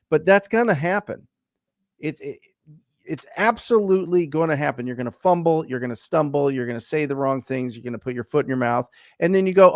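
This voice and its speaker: A man's voice: on the high side, a little mellow, no echo, studio quality. A man hosting a casual business talk, speaking emphatically and repeating phrases for stress. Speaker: podcast host.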